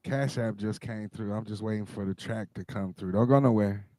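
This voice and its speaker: Dj dude on a stream, kinda low voice, dry close mic, hyping the chat. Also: male voice, moderate pace, no echo. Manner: relaxed, hypes the audience. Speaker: DJ co-host. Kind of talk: casual livestream chat.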